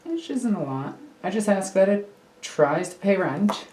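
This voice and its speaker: Very animated yet unhurried, this woman speaks at medium pitch with a slightly mellow tone in an echoey room. She's a miniature hobby streamer building a model at home, rambling casually and making fun of herself, while a computer hums faintly in the hobby room.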